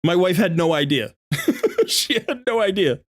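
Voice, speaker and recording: His voice here is high-pitched with big pitch swings, unhurried, and without echo. Sitting at his desk at home with a desk microphone, the middle-aged man runs a casual live stream, rambling, laughing frequently, and mocking himself.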